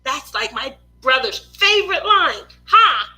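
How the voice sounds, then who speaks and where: A woman, a mother of two, hosting a craft livestream and telling a family story in a lively, laughing way, often acting out other people's lines. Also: a little high, takes it slowly, faint music behind, poor audio. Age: adult mother of two.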